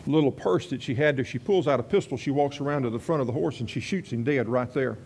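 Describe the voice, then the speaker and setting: Man, pastor, folksy sermon, conversational asides, mid pitch, faint hiss behind. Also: quick pace, a little mellow. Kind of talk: sermon with storytelling.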